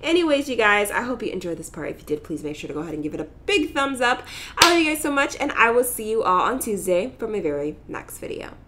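Lively chatty woman narrating a game. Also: fairly high pitch, slight background noise. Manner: chatty, giggly, voices characters in quick asides. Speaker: let's play host. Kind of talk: casual game commentary.

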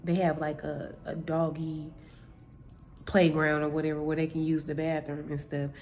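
Chatty woman vlogger, slightly low voice. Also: little pitch movement, moderate pace, darkish tone. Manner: chatty, addresses viewers as y'all, laughs often. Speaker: vlogger and building concierge. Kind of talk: casual storytelling vlog. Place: indoors at her workplace.

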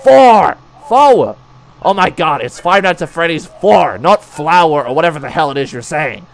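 A man's voice: a little high, lively intonation, normal speed. A man voicing a hot-tempered male animatronic pirate fox in a cartoon, hammy and given to shrieks and rants. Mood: bickering.

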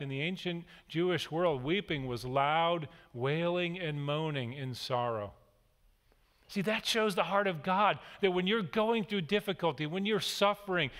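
A man's voice: on the high side, fairly bright tone. A man in his forties preaching a sermon, reading scripture and telling stories in an earnest, conversational way. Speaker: pastor. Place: large church hall. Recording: long hall reverb.

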